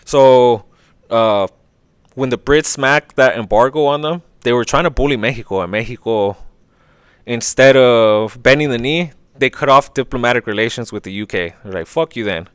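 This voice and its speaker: Opinionated man with a smooth, dry voice. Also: medium pitch, dry recording. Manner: profane, opinionated, acts out quick voices. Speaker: podcast host. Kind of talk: casual history podcast monologue.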